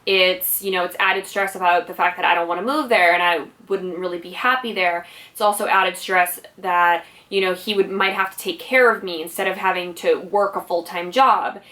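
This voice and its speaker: A woman's voice: lowish voice, fairly even intonation, normal speed, sharp tone. A woman vlogger telling a personal story in a casual, rambling way, full of "like" and "you know". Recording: voice slightly distant from mic.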